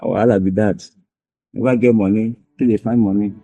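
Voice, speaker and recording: A man's voice: fairly low pitch, steady tone, fairly quick, gravelly, mellow, faint music behind. An actor playing an anxious gateman who pleads in rambling Nigerian Pidgin, with a Nigerian accent. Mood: pleading. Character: anxious male gateman pleading to keep his job.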